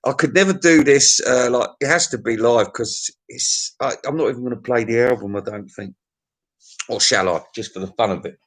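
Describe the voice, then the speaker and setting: A man of middle pitch talks through an album review off the cuff. He is blunt and crude, swears freely and keeps laughing at his own jokes. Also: fairly quick, fairly bright tone. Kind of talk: casual unscripted album review.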